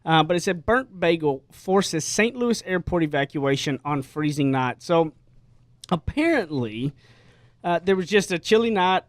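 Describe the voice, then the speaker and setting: A man's voice: fairly high pitch, animated, unhurried, no echo. A man hosting a casual radio talk show, telling stories with lots of energy and frequent restarts. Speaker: host.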